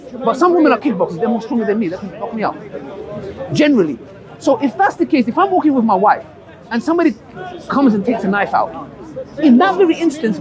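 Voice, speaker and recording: A man's voice: very high-pitched, poor audio. A man in a heated street debate, talking passionately and circling back to his point with many restarts. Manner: passionate, repetitive, restarts often. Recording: crowd noise outdoors.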